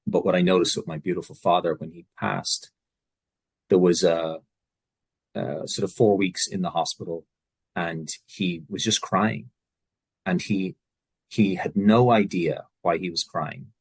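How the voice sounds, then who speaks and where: A man from Ireland with an Irish accent, speaking softly and thoughtfully in a reflective conversation as host. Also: deep voice, fairly even intonation, measured pace, long pauses, slightly rough, dry recording.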